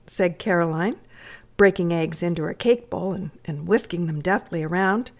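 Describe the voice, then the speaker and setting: A woman narrating a classic story in a measured readers' theatre reading. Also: on the low side.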